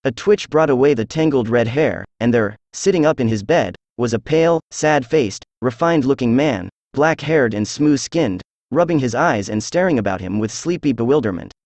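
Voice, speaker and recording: A synthesized male voice reading a classic detective story aloud, even and measured, with little change between characters. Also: mid-range voice, no room sound. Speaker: audiobook narrator. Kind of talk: scripted narration.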